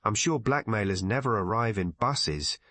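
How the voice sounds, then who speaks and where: Man doing a lively young Englishwoman. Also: lowish voice, normal speed, dry recording. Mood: playful. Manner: raised excited voice. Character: young spirited Englishwoman, eager and bright.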